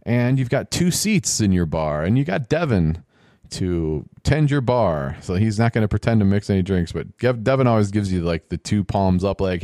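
A man's voice: on the low side, very animated, normal speed, darkish tone, no room sound, clean studio sound. A man giving casual, joking play-by-play commentary while watching a game show, with sarcastic asides.

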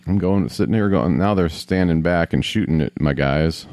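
Deep-voiced man grumbling through gameplay. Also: normal speed, darkish tone. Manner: grumbling, swearing, talking to himself. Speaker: gamer. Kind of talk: casual gameplay commentary.

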